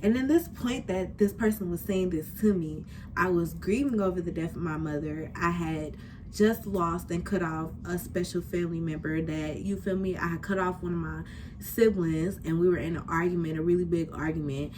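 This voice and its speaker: A woman's voice: fairly low pitch, normal speed, darkish tone, a little hiss or hum. A young woman in her twenties hosting a podcast, talking candidly and casually about her life, with slangy, heartfelt phrasing. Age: 20s. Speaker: podcast host. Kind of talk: candid personal talk.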